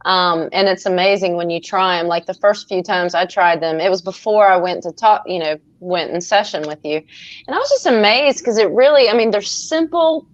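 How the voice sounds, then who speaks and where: A woman co-host in a casual chat, enthusiastic and full of agreement. Her pitch sits in a middle range. The recording is dull and lo-fi. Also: normal speed.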